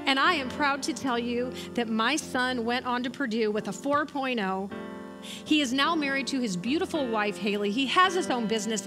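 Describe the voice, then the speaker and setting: A woman's voice: sits high, rough recording. A middle-aged woman giving a sermon, telling a story in an earnest, encouraging way. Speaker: church speaker.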